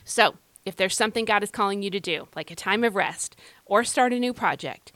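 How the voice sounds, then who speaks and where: A woman's voice: mid-range voice, brisk, fairly bright tone, dry recording. An Irish woman hosting a devotional podcast, talking in an earnest, encouraging, conversational way. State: recovering from feeling unwell. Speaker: podcast host. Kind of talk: devotional Bible podcast talk.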